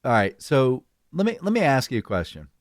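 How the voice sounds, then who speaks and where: A man's voice: mid-range voice, fairly quick, no echo, clean studio sound. A middle-aged man co-hosting a podcast, running through news items in a casual, jokey way. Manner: animated, jokey, drops into mock voices. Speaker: podcast co-host. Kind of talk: casual news roundup chat.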